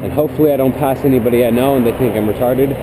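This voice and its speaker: A man's voice: medium pitch, fairly even intonation, very fast. A teenage boy vlogging as he walks home at night, rambling in a sarcastic tone, recorded on a head-mounted camera. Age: teens. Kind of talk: casual vlog monologue. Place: outdoors at night, suburban streets. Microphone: head-mounted action camera. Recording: noisy outdoor action-cam audio.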